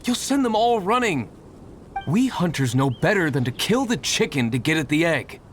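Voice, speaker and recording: Actor playing stern young hunter, scolding, firm, lively inflection, faint ambience, game character. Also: medium pitch, moderate pace, slight background noise, lightly acted. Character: stern young hunter guarding the boars' habitat. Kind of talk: game cutscene voice acting.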